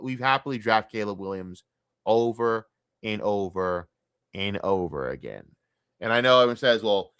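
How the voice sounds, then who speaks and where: A young man streaming a casual, profane and rambling sports rant, talking excitedly. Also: lowish voice, no room sound, studio quality.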